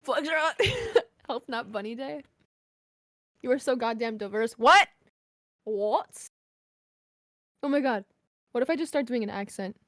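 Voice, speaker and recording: Chatty young woman streamer, high voice, dry close mic, quick asides to chat. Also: lively intonation, fairly bright tone, no room sound. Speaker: streamer guest. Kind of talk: casual livestream chat.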